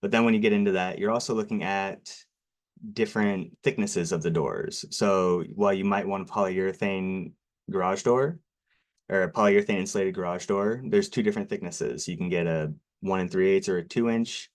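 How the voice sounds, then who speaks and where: A man with a strikingly low voice gives a sales presentation on local TV. He talks nervously and apologetically, and fillers crowd his sentences. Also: steady tone, normal speed. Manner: nervous, self-deprecating, many fillers. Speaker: garage door company presenter.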